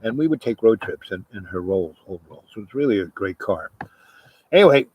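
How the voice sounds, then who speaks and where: A man's voice: lowish voice, animated, brisk, husky, lo-fi sound. A man telling a long, rambling personal story, full of asides and trailing fillers. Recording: noisy background hiss.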